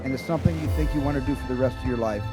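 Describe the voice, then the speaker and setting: A man's voice: mid-range voice, racing. A man, a film director, talking thoughtfully in an interview with stammering restarts. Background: music.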